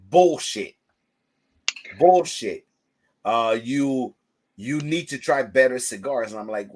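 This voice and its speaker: A man hosting a casual livestream chat, telling stories with lively, loud acted-out quotes. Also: mid-range voice, husky. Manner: animated storytelling, acts out quotes loudly. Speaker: host.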